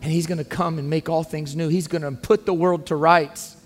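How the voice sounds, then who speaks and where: With a higher-leaning voice, steady tone and moderate pace, a male pastor urges his congregation earnestly and emphatically. The audio carries a long reverb and soft background music.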